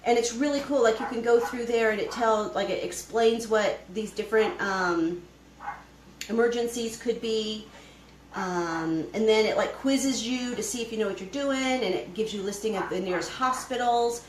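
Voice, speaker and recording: A woman's voice: a little high, moderate pace, reverberant, a little hiss or hum, poor audio. A woman hosting a casual homesteading live stream from her home kitchen, chatting and rambling as she cooks and greets viewers by name. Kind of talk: casual live-stream chat while cooking. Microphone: camera she moves around the kitchen.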